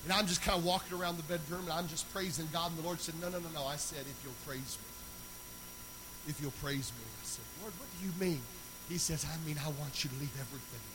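A man pastor preaching a sermon, telling a personal story that builds into loud, chanting preaching. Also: high voice, background noise.

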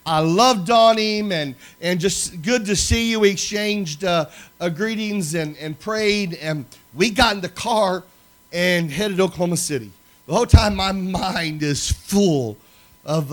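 A man preaching, telling a story animatedly and acting out the dialogue. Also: high-pitched. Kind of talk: sermon storytelling.

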